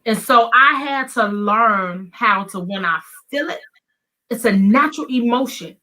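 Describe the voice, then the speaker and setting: A woman's voice: on the high side, expressive, measured pace, sharp tone. A pastor's wife sharing her experience candidly, speaking earnestly and directly to listeners. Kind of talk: candid conversational testimony.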